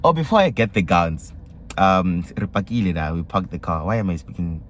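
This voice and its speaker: A young South African man telling a story in a casual vlog, excitable and mixing slang with local words. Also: sits low, fairly quick, slight background noise. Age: young adult. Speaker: vlogger.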